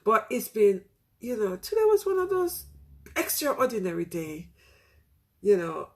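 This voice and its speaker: This middle-aged teacher has a sing-song, medium-pitched voice and an unhurried pace. She reflects casually and sincerely to her listeners, frequently using "you know."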